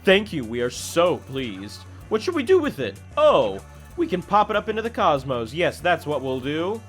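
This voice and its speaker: A man's voice: fairly high pitch, wildly swooping pitch, moderate pace, soft background music, voice pushed up. Brief: haughty male cosmic king of a video game, put on by a man reading the lines, demanding and grand, talking in the royal we. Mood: grandiose. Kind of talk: reading game dialogue aloud in a voice.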